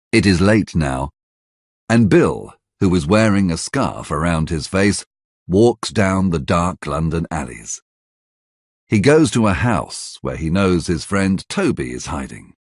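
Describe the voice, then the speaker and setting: A man narrating a graded reader story slowly and clearly for language learners. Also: low-pitched, a little mellow, dry recording, clean studio sound.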